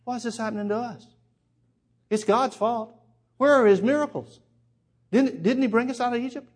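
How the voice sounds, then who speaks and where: A man's voice: extremely high pitch, moderate pace, voice pushed up. A man preaching, voicing the Israelite Gideon as a whiny, complaining man in a raised, strained voice. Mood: whining.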